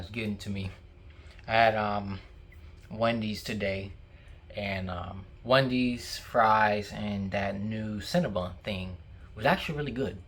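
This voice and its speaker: A man's voice: lowish voice, fairly bright tone. A young man vlogging casually to camera, talking while he eats, rambling with many fillers and restarts.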